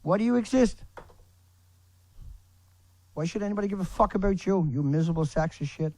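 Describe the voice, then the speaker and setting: A man delivering a furious, profanity-laden rant to camera, breaking into shouts. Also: high-pitched, brisk, no echo, rough recording. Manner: furious, swearing, shouting in bursts.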